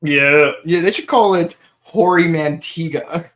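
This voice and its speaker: A man's voice: a little high, unhurried, a bit bright. A man hosting a podcast in casual chat, rambling, laughing often and slipping into silly voices. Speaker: podcast host.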